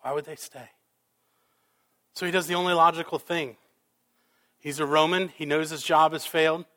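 High-voiced preaching man, dramatic delivery. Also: level tone, brisk. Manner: dramatic, rhetorical questions, shifting loud and soft. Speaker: pastor. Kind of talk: sermon.

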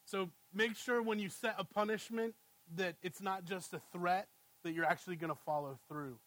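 A man in his thirties preaches in a relaxed, conversational way, asking "right?" again and again. His voice sits high for a man. The sound is dry and close. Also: normal speed, dry recording, low-quality recording. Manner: conversational, asks "right?" often, animated when storytelling. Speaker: pastor. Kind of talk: sermon with family anecdotes.

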